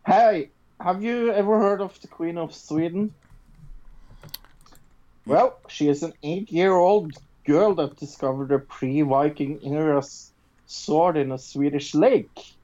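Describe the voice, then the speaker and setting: A woman's voice: sits low, slow, dark tone, muffled recording. A woman co-hosting a casual podcast, chatting loosely with fillers and reading out news stories. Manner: casual, filler-heavy, swears offhandedly. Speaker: podcast co-host.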